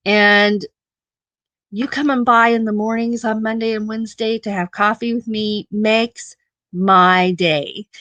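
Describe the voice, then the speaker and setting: A woman's voice: mid-range voice, a bit bright, no echo. A middle-aged woman hosting a casual live-stream chat, laughing often and repeating her phrases affectionately.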